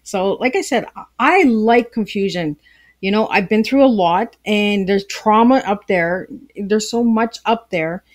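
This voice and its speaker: A woman's voice: medium pitch, measured pace. A woman from Canada, a podcast guest speaking on a video call from her tea room at home, chatty and rambling in a playful way. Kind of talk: casual interview conversation.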